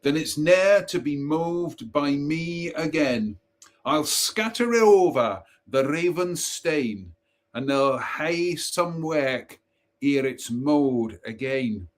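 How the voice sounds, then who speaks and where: A man's voice: a little high, lively intonation, slow, voice pushed up. A man putting on a grumbling Scots brownie. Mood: aggrieved. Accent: Scottish. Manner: grumbling, broad put-on dialect. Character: grumbling Scottish brownie, offended household spirit.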